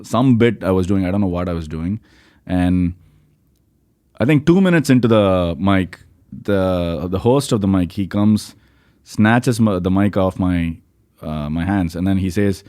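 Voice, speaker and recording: An Indian man with a low, warm voice and lively intonation speaks unhurriedly in a clean, echo-free studio recording. He's a stand-up comedian appearing as a podcast guest, telling stories in a rambling, casual chat packed with fillers like "like, you know."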